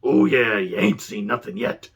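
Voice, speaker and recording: A man doing a raspy, growling pro wrestler. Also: fairly low pitch, fairly even intonation, moderate pace. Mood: boastful. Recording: dull lo-fi sound.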